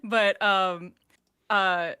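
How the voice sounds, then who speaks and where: A woman in casual chat, giggly and excitable, asking questions with many fillers. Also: mid-range voice, extremely slow, smooth, dry recording, studio quality.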